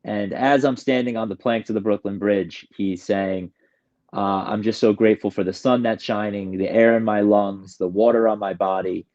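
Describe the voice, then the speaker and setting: A man's voice: on the low side, steady tone, normal speed, darkish tone, lo-fi sound. A man from New York telling his recovery story in a candid, emotional, rambling way, often starting his sentences over. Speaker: guest sharing recovery story.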